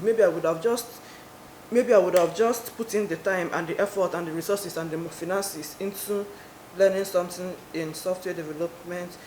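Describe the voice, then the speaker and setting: A woman's voice: on the low side, darkish tone. A young woman vlogging to camera in a casual, rambling, wry way, often trailing off with "like". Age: young adult. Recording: echoey room with faint noise.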